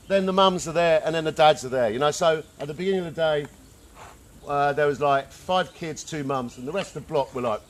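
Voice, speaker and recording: A man giving an informal talk to a group, animated and slangy, often calling people man and dude. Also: on the high side, slight background noise. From England. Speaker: workshop speaker. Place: outdoor gathering in the countryside.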